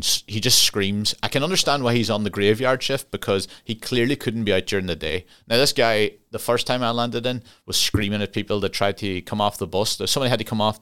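Here a young Irish podcast host talks alone in a low, slightly bright voice. Loose and rambling, he curses casually and keeps chuckling at his own digressions.

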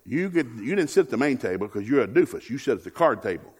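Husky preacher, joking. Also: male voice, mid-range voice, fast. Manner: lively, joking, mimics whiny voices. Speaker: guest preacher. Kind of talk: sermon.

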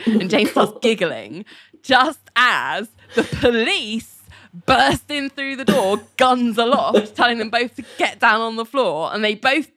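A woman's voice: fairly high pitch, measured pace, no echo. A woman hosting a casual chat, retelling scenes from a show and acting out the quoted lines. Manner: animated storyteller, acting out quoted lines in put-on voices. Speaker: podcast host recapping a TV episode.

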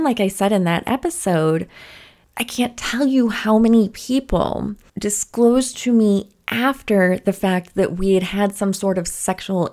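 Woman, podcast host, casual storytelling, candid, chatty, middle pitch. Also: a little mellow. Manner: candid and chatty, laughs often.

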